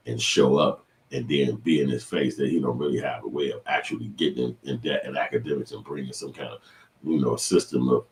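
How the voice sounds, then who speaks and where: A man with a deep, low voice gives loose, conversational commentary on clips he is reacting to. He talks in an animated way and keeps slipping into exaggerated impressions of the people he describes. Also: fairly quick, far from the mic. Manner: animated, slips into loud high impressions. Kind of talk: casual commentary.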